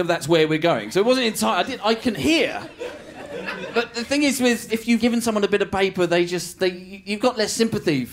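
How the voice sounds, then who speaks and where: A man doing stand-up comedy storytelling, animated and self-mocking, laughing through his lines. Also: sits high.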